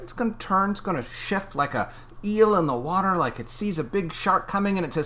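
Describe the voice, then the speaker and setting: Animated, bright-voiced man, playful. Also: high voice, a little fast. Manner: playful, theatrical, mock-dramatic. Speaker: co-host. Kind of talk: casual live-stream chat.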